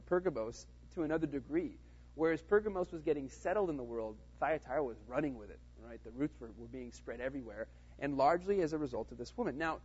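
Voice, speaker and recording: A man teaches a casual Bible study, thinking out loud with plenty of "um"s and "right?"s aimed at his listeners. His voice is husky and a touch breathy, at a middle pitch. The sound is dull and slightly muffled. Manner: conversational, with many fillers and "right?" check-ins.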